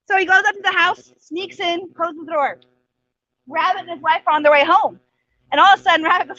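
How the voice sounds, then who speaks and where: A woman with a very high, bright voice narrates a folk tale with animated, playful energy. Her voice sounds dry and dull, like lo-fi stream audio. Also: fairly quick, no room sound. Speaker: storyteller at court. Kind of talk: oral folk tale telling.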